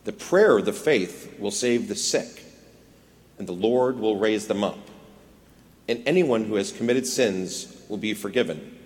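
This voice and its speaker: A man reading a scripture passage aloud in church, measured and formal. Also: fairly low pitch, animated, darkish tone. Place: church sanctuary. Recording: long church reverb.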